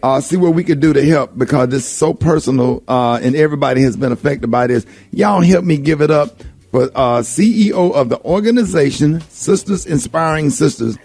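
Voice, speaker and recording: High-voiced excitable radio host. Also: male voice, a little fast, gravelly, no echo, faint music behind. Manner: animated, repeats words when excited. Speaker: radio morning show host. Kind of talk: excited radio show banter.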